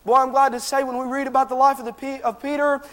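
A male preacher delivering a sermon in a strikingly high, strained voice that stays on a narrow band of notes. His delivery is fervent and impassioned as he addresses the congregation. The sound carries a long reverb from a large church hall. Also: little pitch movement, fast, fairly bright tone.

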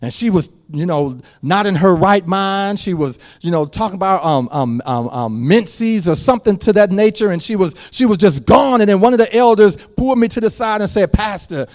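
A male pastor preaching a sermon, moving from quiet storytelling to loud shouted passages. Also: high-pitched, animated, moderate pace, few pauses.

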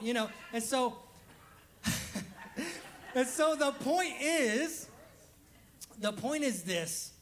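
A man's voice: high-pitched, a bit bright. A man preaching a casual, humorous sermon as pastor, laughing often and acting out quoted voices.

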